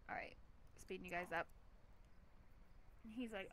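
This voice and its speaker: A woman's voice: on the low side, steady tone, moderate pace, long pauses, fairly bright tone, a little hiss or hum. A woman hosting a let's play, giving chatty, giggly gameplay commentary with a lot of "like".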